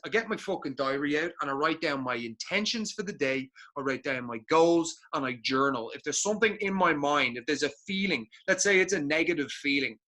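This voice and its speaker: A man's voice: fairly high pitch, sharp tone. A man co-hosting a podcast, giving blunt motivational talk full of swearing and emphatic repetition. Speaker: podcast co-host.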